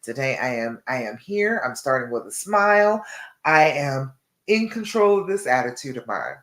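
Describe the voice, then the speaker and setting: A woman's voice: rumbling low, sing-song, moderate pace, echoey room. A woman love coach, talking to a live-stream audience and checking in often with "okay?" and "all right?". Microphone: live-stream device mic.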